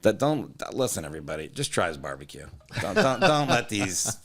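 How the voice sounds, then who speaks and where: A man's voice: deep voice, big pitch swings, brisk, fairly bright tone. A man hosting a comedy podcast, joking and teasing in casual chat. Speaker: podcast host.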